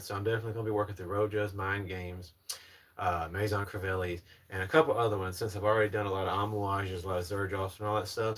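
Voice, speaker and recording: A young man from North Carolina, USA, with a Southern American accent hosts a casual livestream, answering chat comments in a polished presenter voice. His voice is fairly low in pitch, with a fairly bright tone.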